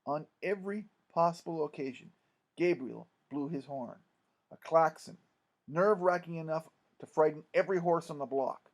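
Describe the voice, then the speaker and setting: A man reads a memoir-style story aloud as an audiobook narrator. His delivery is lively and expressive, carried by a fairly high voice. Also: moderate pace.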